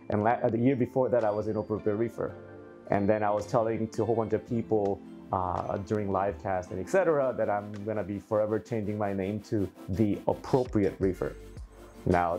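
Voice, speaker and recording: Male vlogger, mellow tone, animated storyteller, light music bed. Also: fairly low pitch. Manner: animated, acts out quotes, laughs often. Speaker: aquarium hobby YouTuber. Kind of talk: casual storytelling to camera.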